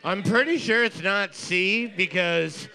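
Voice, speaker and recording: A man co-hosting a trivia night with crude wisecracks and quick asides. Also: sits high, sharp tone. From Canada. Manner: crude, wisecracking, does mock voices. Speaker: trivia co-host. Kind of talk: casual banter.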